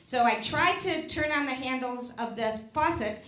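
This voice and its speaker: High-voiced older woman doing stand-up. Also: moderate pace, pushed and bright. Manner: rambling self-deprecating storytelling with stammered restarts. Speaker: stand-up comedian. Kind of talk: stand-up routine. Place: small theater stage. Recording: echoey theater room, faint noise.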